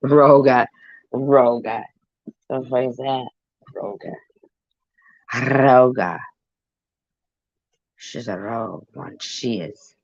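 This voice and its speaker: Slow, profane middle-aged woman commentator. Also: rumbling low, a little mellow, no echo. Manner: profane, joking, rambling. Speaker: video commentator. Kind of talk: casual reaction commentary. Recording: dull lo-fi sound.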